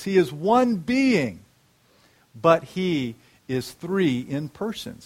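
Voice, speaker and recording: A man preaching a sermon, asking the congregation questions and slowing down to stress key words. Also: fairly high pitch.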